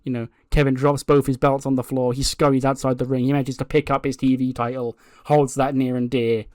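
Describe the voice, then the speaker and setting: A male let's play host narrating a wrestling sim game, casual and chatty as he recaps what happened. His pitch sits in the middle, and the recording is dry and close with no room sound. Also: flat delivery, fairly quick, a little mellow, no room sound.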